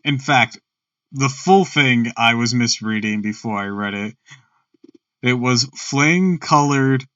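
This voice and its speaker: A man reads a book aloud on a stream in a casual, chatty way, often stopping to joke about his own slips. His mid-pitched voice sounds dry and a little far from the microphone. The audio is dull. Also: takes it slowly, bright, forceful tone, no room sound.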